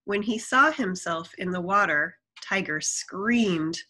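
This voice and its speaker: A woman's voice: on the low side, expressive, slow, few pauses, pushed and bright, poor audio. A woman reading a children's folk tale aloud, adding chatty asides to the listener. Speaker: storyteller.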